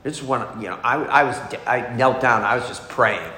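Speaking at a meeting, a middle-aged man gives a candid, confessional testimony about his recovery. His mid-range voice is bright and forceful, his pace moderate, and the echoey hall recording carries faint noise.

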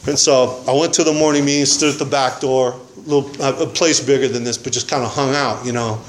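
A man's voice: mid-range voice, fairly even intonation, a little fast, a little hiss or hum. A man telling his recovery story at a meeting in a casual, rambling, slangy way, often saying man and dude. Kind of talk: casual personal testimony.

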